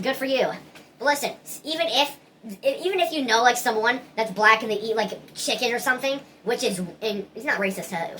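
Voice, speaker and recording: Bright-voiced woman rambling earnestly. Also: high voice, slight background noise. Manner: earnest, rambling, many restarts. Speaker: vlogger. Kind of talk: casual opinion monologue.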